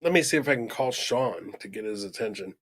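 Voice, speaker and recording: A man's voice: mid-range voice, expressive, brisk, fairly bright tone. A man co-hosting a casual podcast who reacts with animation, swears freely and acts out what people say. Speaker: podcast co-host. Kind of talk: casual chat.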